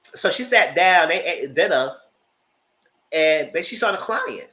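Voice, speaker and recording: A man giving a chatty, animated recap of a TV show, talking straight to his viewers. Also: fairly high pitch, takes it slowly. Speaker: vlogger recapping a reality show. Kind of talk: casual commentary. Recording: roomy echo.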